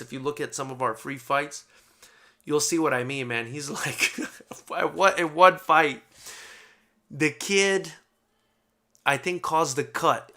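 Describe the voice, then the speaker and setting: A man hosting a fight post-show, telling stories in a loose, profane, animated chat style. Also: fairly high pitch. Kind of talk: casual chat.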